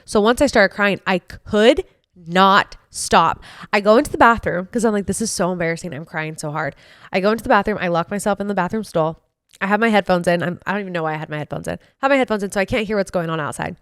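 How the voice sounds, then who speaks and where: A woman's voice: medium pitch, fast, clear, resonant tone, no echo, clean studio sound. Chatty woman telling a long story. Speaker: podcast co-host. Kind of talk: casual chat.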